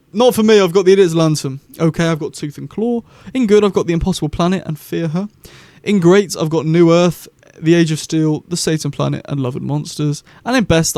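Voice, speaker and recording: A man's voice: fairly high pitch, darkish tone, no room sound. Chatty young man vlogging. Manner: rambling, chatty and enthusiastic. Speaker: YouTube host. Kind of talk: casual vlog review.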